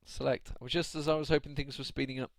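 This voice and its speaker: Man, solo stream caster, chatty, laughing, ranting at chat, medium pitch, dry close mic. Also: little pitch movement, fast talker, no echo. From United Kingdom. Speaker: esports caster. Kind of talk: solo live stream commentary.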